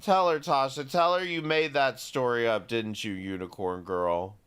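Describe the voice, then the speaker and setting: A man's voice: mid-range voice, steady tone, moderate pace, fairly bright tone, clear, resonant tone. A man hosting a stream, making teasing, sarcastic comments in casual commentary. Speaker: stream host.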